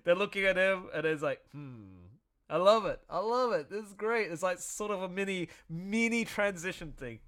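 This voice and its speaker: A man chatting excitedly through commentary on his own audio drama, often laughing as he talks. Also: high-pitched, normal speed, hardly any pauses. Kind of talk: casual commentary livestream.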